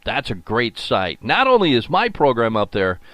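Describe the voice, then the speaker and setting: A man's voice: mid-range voice, huge pitch swings, moderate pace, fairly bright tone, dry recording. An older man hosting a solo sports talk show, folksy and rambling with lots of fillers. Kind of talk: solo sports radio podcast monologue.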